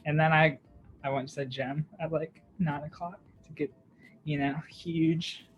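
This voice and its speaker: A man's voice: fairly high pitch, steady tone, a little slow, highs cut off, slight background noise. A young man, a podcast co-host, telling a long story in casual chat, with lots of fillers, "like" and laughter. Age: young adult.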